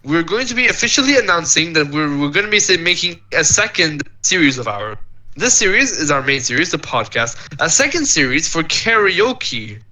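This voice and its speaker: A man's voice: fairly high pitch, sing-song, moderate pace, pushed and bright, low-quality recording. A man co-hosting a podcast in casual chat, hesitant and rambling, with many restarts and flustered protests. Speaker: podcast co-host.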